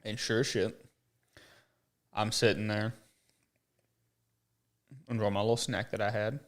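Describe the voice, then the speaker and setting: A man co-hosting a casual podcast, telling a story with lively, animated delivery and high put-on voices for the people in it. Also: unhurried. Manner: animated, jumps up in pitch when acting out other people. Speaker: podcast co-host.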